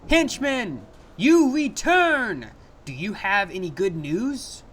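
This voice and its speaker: A man voicing an excitable male mad scientist villain in a video game, theatrical and barking orders at his henchman. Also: high-pitched, takes it slowly, heavily acted. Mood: gleeful. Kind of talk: video game character dialogue.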